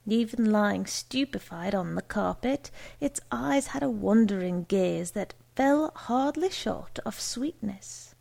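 A woman narrates a comic story in a dry, wry way. Her voice has a gravelly fry, and she reads unhurriedly. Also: medium pitch, expressive, takes it slowly, hardly any pauses, darkish tone. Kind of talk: storytelling reading.

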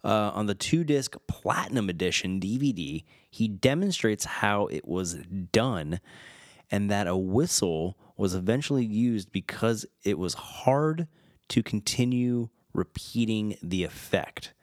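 Slow, lively-voiced man reading film facts. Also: on the low side, no room sound, studio quality. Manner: reads fun facts aloud, stumbles over names and chuckles. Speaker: podcast host. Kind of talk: casual film retrospective reading.

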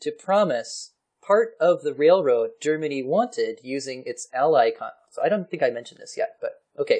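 A man casually explaining history on a podcast, chatty and quick to laugh. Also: mid-range voice, a little mellow. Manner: chatty, laughs often, slips into playful voices for historical figures.

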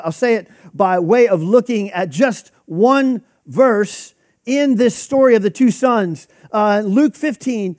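A man's voice: high voice, a little mellow, no room sound, studio quality. A man preaching a sermon in a conversational, emphatic way, acting out quoted reactions. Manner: conversational, emphatic, with frequent restarts and quoted asides.

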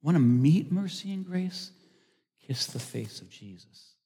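Animated preacher in a reverberant church. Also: male voice, on the high side, measured pace, breathy edge. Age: older. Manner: animated, swings from loud emphasis to hushed. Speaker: pastor. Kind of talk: sermon. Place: church sanctuary.

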